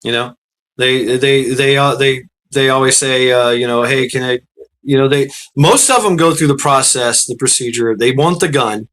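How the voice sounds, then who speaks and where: A man's voice: normal speed, a bit bright. A man hosting a casual talk show, telling a long story in a rambling way with many fillers and restarts, laughing often and acting out what others said. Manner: rambling, laughs often, acts out quotes with raised pitch. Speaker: podcast host.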